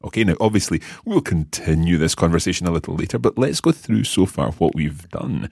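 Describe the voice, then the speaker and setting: A man's voice: sits low, expressive, brisk, vocal fry, a little mellow, breathy edge, dry recording, studio quality. A man teaching a language lesson, patiently explaining step by step and quizzing the learner.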